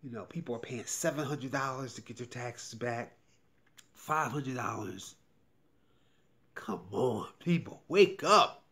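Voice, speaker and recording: A man giving an emotional, repetitive sales pitch straight to the viewer, pleading and getting heated. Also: a little slow, long pauses, fairly bright tone. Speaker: YouTuber promoting a tax service. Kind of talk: direct-to-camera sales pitch.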